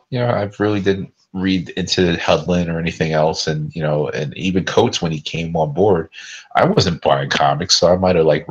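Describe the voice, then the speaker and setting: A young man co-hosting a podcast, chatting casually in a rambling, joking way. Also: rumbling low. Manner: laid-back, rambling, joking, often restarts. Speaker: podcast co-host. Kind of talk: casual chat. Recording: dull lo-fi sound.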